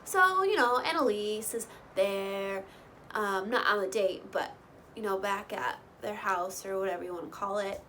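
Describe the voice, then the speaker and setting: A woman casually recapping a reality show, chatty, with lots of "like" and "you know" and lively quoted bits. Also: mid-range voice, measured pace, a little hiss or hum, low-quality recording. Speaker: recap host.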